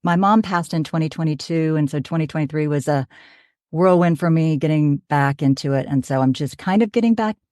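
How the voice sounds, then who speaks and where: Low-voiced chatty woman telling stories. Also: a little fast, no room sound, studio quality. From Oklahoma. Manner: chatty, animated storytelling. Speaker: voiceover artist, guest. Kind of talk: casual podcast chat.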